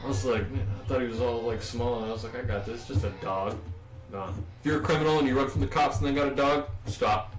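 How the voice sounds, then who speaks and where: A man casually telling a long story with a lot of swearing, in a loose, rambling, animated way. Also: mid-range voice, quick pace, hardly any pauses, distant mic, over music. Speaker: podcast co-host. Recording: echoey room, off-mic, faint ambience.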